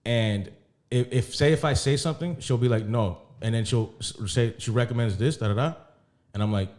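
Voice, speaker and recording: A man co-hosting a podcast talks candidly about his relationship, cursing as he tells his stories. His voice sits at an ordinary middle pitch. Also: a little fast, darkish tone. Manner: candid, profane storytelling. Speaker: podcast co-host. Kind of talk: casual chat.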